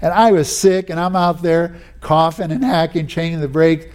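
A man's voice: a little high, fairly even intonation, moderate pace, a little mellow, clear, resonant tone. A man preaching a sermon, telling personal stories in a folksy way with frequent restarts. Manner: folksy storytelling, many "you know"s and restarts.

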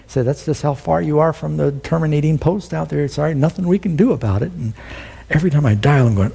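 A middle-aged pastor preaches a sermon in a husky, mellow voice that sits a little high. He tells the story with life, acting out the quoted voices. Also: fast talker.

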